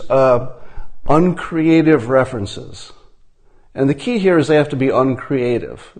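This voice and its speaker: A man giving a deadpan satirical monologue, mock-instructional and ironic in tone. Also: mid-range voice. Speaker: commentator.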